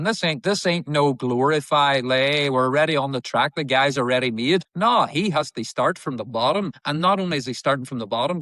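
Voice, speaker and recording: A man's voice: medium pitch, a bit bright, dry recording. A man, an actor guest, telling candid stories in an interview, emphatic and repetitive, swearing now and then.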